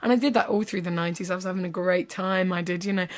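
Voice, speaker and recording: A woman's voice: lowish voice, fairly even intonation, fast talker, natural voice. A weary, world-worn talking cat drawls through its life story in a casual, matter-of-fact way, as a woman puts it on in a joke. It sounds easygoing and a little tired, rambling on as if this were all perfectly normal. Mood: laid-back. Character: weary talking cat, ex-spy, laid-back.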